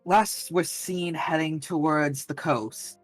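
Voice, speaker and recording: A man's voice: on the high side, fairly even intonation, dry recording, soft background music, low-quality recording. Young man running a tabletop game. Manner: casual, halting, many fillers and restarts. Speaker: dungeon master.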